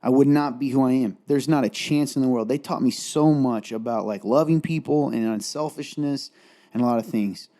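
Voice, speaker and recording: A man's voice: mid-range voice, normal speed, warm tone. A man co-hosting a candid faith-based conversation, earnest and rambling, close to tears as he speaks. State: tearful, close to crying. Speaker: podcast co-host.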